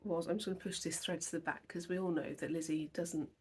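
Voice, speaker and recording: A woman's voice: low-pitched, fairly even intonation, fast talker, a little mellow, breathy edge. A young woman chatting at home about her cross-stitch projects, rambling and emotional, filmed at her dining table. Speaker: flosstube host. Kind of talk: casual chat to camera.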